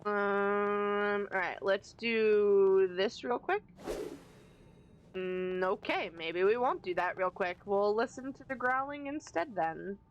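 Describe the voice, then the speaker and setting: A woman's voice: mid-range voice, slow pace, dull audio, a little hiss or hum. A woman streaming a game, chatting casually and reading the dialogue aloud with amusement. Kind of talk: casual gameplay commentary.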